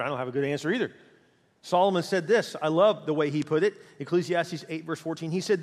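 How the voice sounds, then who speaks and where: A middle-aged man preaching a sermon as pastor, passionate, with big swings between loud, fast bursts and quiet, slow passages. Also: on the high side. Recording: hall reverb.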